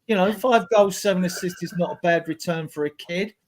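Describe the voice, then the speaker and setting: Blunt, animated football-fan man. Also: high voice, brisk. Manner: blunt, animated, stacks up examples. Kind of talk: casual football podcast chat.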